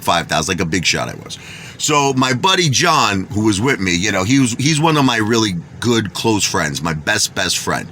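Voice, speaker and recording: A man's voice: mid-range voice, slight background noise. A man from Bensonhurst with a Brooklyn accent, telling a boastful story with street talk and oaths that he doesn't lie. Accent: Brooklyn New York. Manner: animated, street-talking, swears he doesn't lie. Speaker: vlogger.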